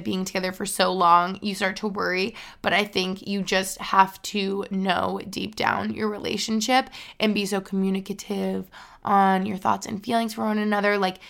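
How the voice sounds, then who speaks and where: A woman's voice: mid-range voice, vocal fry, a bit bright. A young woman in her twenties hosting a podcast, giving earnest relationship advice in a chatty, filler-heavy way. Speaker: podcast host. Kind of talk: casual advice chat.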